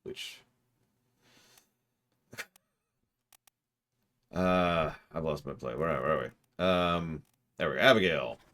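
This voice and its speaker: A man's voice: a bass voice, takes it slowly, long pauses, fairly bright tone. A man streaming a game and chatting with his viewers, rambling as he works through puzzles aloud. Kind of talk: casual livestream commentary.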